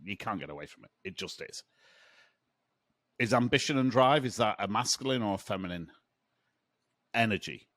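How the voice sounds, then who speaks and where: A man hosting a podcast, quizzing his co-host in a playful, expressive way. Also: fairly low pitch, moderate pace, long pauses, no room sound, studio quality. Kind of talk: casual interviewing chat.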